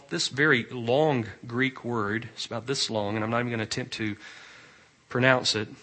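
A male pastor preaching a sermon, swinging from loud emphatic rises to quiet, low asides. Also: breathy edge.

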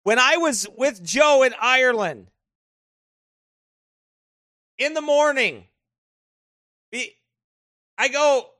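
A man with a strikingly high, bright voice tells casual stories while flipping through his photos. He is animated, laughs often, and the sound is dry and close. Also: slow pace, long pauses, no room sound. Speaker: vlogger showing travel photos. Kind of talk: casual storytelling.

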